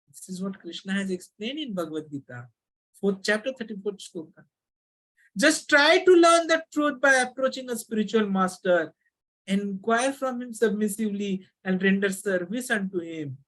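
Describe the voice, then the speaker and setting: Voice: mid-range voice, a bit bright. A devotional teacher giving a scripture lesson, chanting Sanskrit verses and then explaining them earnestly, repeating key words for emphasis.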